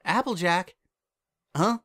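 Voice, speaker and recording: Anxious young female pony, voiced by a man, bookish and high-pitched. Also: animated, slow pace, pushed and bright, heavily acted. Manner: anxious, fretful.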